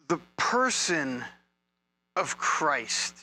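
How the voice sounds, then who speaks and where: A man preaching a sermon as a pastor, conversational and humorous, with energetic bursts of emphasis. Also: fairly high pitch, drawn-out words.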